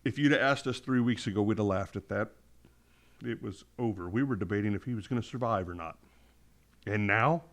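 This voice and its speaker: A man's voice: lowish voice, fairly quick. A man co-hosting a casual sports chat, rambling and correcting himself as he breaks down games, while fighting the hiccups. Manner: thoughtful, rambling, self-correcting. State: has the hiccups. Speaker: podcast co-host.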